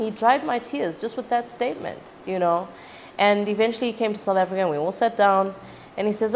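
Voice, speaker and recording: A young Zimbabwean woman who sings is being interviewed casually, talking fast in a mid-range voice. She tells a personal story with animation and plays out her parents' quotes; the sound is dull and lo-fi, with faint background noise.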